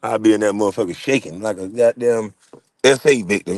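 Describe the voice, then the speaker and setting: Fairly quick and lowish-voiced, a middle-aged man laughs his way through funny, profane stories while reacting to chat. The audio has no echo.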